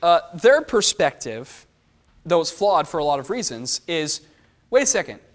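Male Bible teacher, slightly high voice, animated, quizzes the group. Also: a little slow. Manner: animated, asks the group questions.

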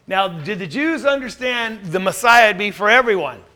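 A man's voice: sits high, lively intonation, normal speed, pushed and bright. A man teaching a Bible class, quizzing his listeners with questions and then answering them himself.

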